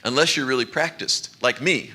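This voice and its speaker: A man's voice: medium pitch, normal speed, sharp tone, a little hiss or hum. A man giving a sermon as a minister, in a conversational, light way, laughing often. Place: church sanctuary.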